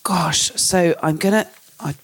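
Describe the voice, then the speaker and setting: A host tastes food and banters at an ordinary middle pitch. The host is playful and swears freely, with laughter breaking in often. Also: measured pace, fairly bright tone. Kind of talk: casual chat.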